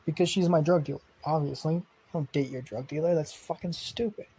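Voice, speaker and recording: A man voicing a foul-mouthed young superhero, hushed and husky. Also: fairly high pitch, brisk. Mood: blunt. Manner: swears constantly, often hushed and breathy.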